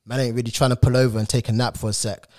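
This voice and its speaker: A man's voice: medium pitch, flat delivery, racing, a little mellow. A young man telling a story in casual chat, full of slang and tag questions. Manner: slangy, repeats "innit" as a tag. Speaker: podcast co-host.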